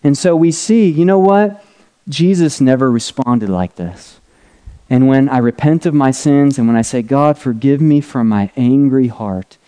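Man, pastor, teaching sermon at a whiteboard, conversational, keeps asking okay and right, warm, resonant. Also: medium pitch. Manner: conversational, drawing while talking, checking in with "right?" and "okay?".

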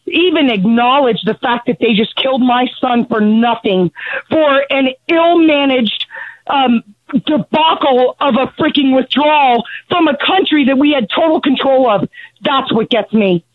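A middle-aged woman, out of breath from pacing, speaks angrily and bluntly with halting restarts about losing her son. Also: high-pitched, no echo. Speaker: grieving mother of a fallen Marine, calling in. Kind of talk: emotional phone testimony. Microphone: telephone. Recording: tinny, dry phone line.

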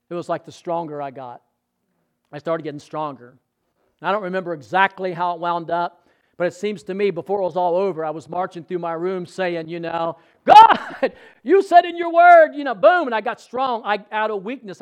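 Male pastor, high voice, folksy sermon storyteller who quizzes the room. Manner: conversational storytelling, quizzing the congregation.

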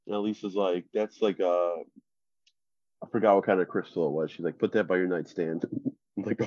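Low-voiced rambling man, dull mic. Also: fairly even intonation, normal speed, long pauses, a little mellow, no room sound. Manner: rambling storyteller, many fillers and laughs. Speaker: podcast co-host. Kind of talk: casual chat.

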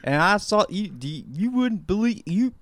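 A man's voice: high-pitched, very animated, normal speed, dry recording. A man voicing a boastful, confused old male president who rambles and trails off mid-sentence. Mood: rambling. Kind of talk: comedic improv impression.

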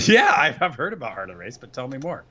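A man's voice: medium pitch, very animated, a little fast, bright, forceful tone, husky. A man bantering on a podcast with a wry, joking manner. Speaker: podcast co-host. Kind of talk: casual chat. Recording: dull lo-fi sound.

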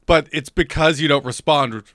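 A man's voice: a little high, normal speed, fairly bright tone, no echo, studio quality. A young man co-hosting a podcast, teasing his friend and laughing often in casual banter. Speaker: podcast co-host.

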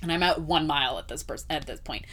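A young woman co-hosting a podcast, telling a story in casual chat, animated and full of swearing, "like" and "whatever". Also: low-pitched, fast. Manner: animated, swears a lot, says "like" and "whatever" often. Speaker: podcast co-host.

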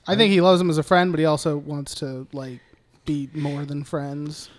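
A man's voice: on the high side, flat delivery, moderate pace. A man co-hosting a podcast, chatting casually and bluntly about a film, swearing freely and laughing often. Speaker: podcast co-host.

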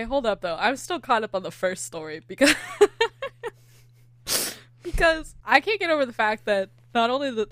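A woman with a Californian accent hosting a casual chat, animated and laughing often. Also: medium pitch, no echo. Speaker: podcast host.

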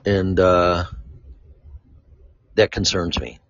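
A Chicago vlogger with a deep voice speaks in a flat, drawn-out way, rambling casually, bluntly and swearing freely. The recording is dull and lo-fi, with a dry sound and no echo.

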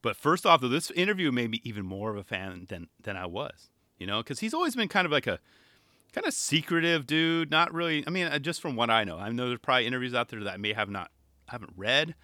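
A young man talks fast in a medium-pitched voice with no echo, giving casual solo commentary on skateboarding. He's excitable and rambling, firing off rhetorical questions.

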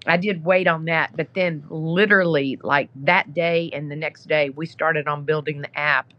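A woman's voice: sits low, fairly even intonation, normal speed, no echo, muffled recording. Chatty woman telling a story. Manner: chatty, lots of "you know" fillers. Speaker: podcast guest, app founder. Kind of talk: casual storytelling interview.

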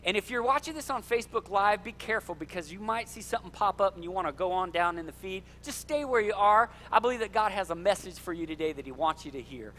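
A middle-aged male pastor, preaching an animated sermon in a church and joking with the congregation. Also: sits high, fast, hardly any pauses, slight background noise. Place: church sanctuary.

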